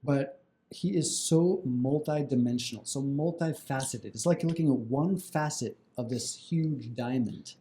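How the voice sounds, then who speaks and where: A man hosting a casual interview, relaxed and reflective, often affirming his guest. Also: medium pitch, unhurried, slight background noise. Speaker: podcast host.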